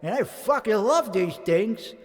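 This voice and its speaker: A man's voice: high voice, expressive, measured pace, husky. A man rambling through a profane, mock-boastful comedic monologue, a bit winded and out of breath. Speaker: comedic streamer.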